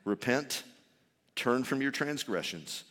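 A man preaching a sermon as a pastor, impassioned, swinging from loud shouts to soft, intimate tones. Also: medium pitch, animated, slow pace. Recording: long hall reverb.

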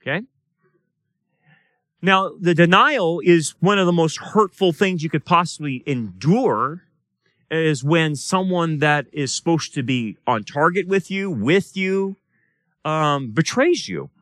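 In a church or study room, a pastor leads a Bible study in a sermon-style talk, speaking casually, asking the class questions and playing out voices in quoted dialogue. His voice is on the high side, animated and a bit bright, he speaks slowly, and the recording is dry.

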